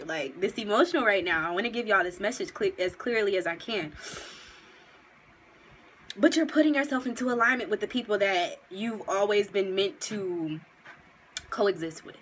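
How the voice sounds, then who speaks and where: A woman's voice: medium pitch, expressive, normal speed, fairly bright tone, breathy edge, poor audio. A woman giving a casual tarot reading to her viewers, slangy and emphatic as she talks to them directly, and at times moved close to tears. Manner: gets emotional, near tears. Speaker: tarot reader.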